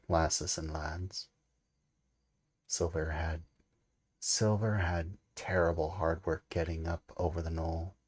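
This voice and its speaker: A man reading a classic adventure novel aloud as an amateur, in a steady way with occasional slips and restarts. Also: sits low. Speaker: audiobook reader. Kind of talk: amateur storybook read-aloud.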